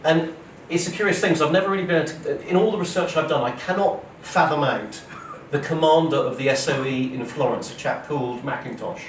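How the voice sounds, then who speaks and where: A man's voice: on the high side, a little fast. Man telling a war story in a hall. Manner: dramatic, acts out quoted speech, frequent "okay?" and "right?". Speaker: author giving a public talk. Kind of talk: lively storytelling lecture. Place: lecture hall at a museum. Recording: roomy hall, voice from a distance, faint noise.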